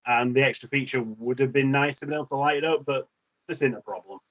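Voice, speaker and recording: A man's voice: mid-range voice, quick pace, fairly bright tone. Hesitant man in casual chat. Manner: hesitant, blunt, uses many fillers. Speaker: guest.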